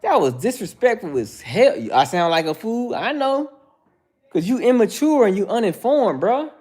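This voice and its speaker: His voice sits high and a little mellow, swinging widely in pitch at normal speed. As host of a livestream, this man responds to viewers by name, calls them all "bro" constantly, and gets heated and preachy in a casual way.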